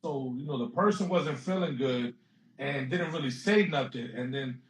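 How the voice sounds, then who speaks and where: A guest comedian with a mid-range voice tells stories at a moderate pace in a casual interview. He's an animated storyteller who acts out quotes and laughs often, and the room sounds echoey.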